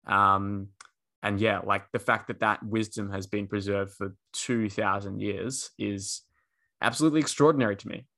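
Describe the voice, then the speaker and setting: Rambling low-voiced man, casual podcast. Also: fairly even intonation, normal speed, sharp tone. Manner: rambling, many ums and restarts. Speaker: podcast co-host. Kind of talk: casual chat.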